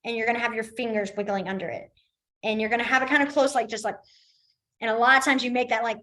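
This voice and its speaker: A woman teaching a beginners' class in a casual, chatty way, laughing easily and trailing off into quiet pauses while she demonstrates. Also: on the high side, steady tone. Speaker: sign language teacher. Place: library classroom.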